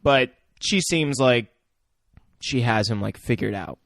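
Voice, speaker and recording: A man's voice: mid-range voice, a little slow, vocal fry, a bit bright, dry recording. Chill guy cohost, lots of um and like, dry studio mic. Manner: laid-back, hesitant, lots of filler and swearing. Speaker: podcast co-host. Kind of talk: casual movie recap chat. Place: podcast studio.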